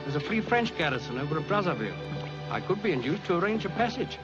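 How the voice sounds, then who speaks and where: An actor playing a suave, sly police captain in an old film, with a smooth, wry delivery. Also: male voice, fairly high pitch, big pitch swings, fast talker. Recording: dull old film soundtrack with music.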